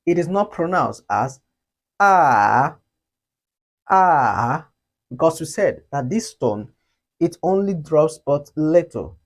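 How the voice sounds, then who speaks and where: A man teaching a beginner Mandarin lesson, slowly demonstrating each tone with drawn-out syllables. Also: on the high side, darkish tone. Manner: slow, deliberate, demonstrates tones with drawn-out sung syllables.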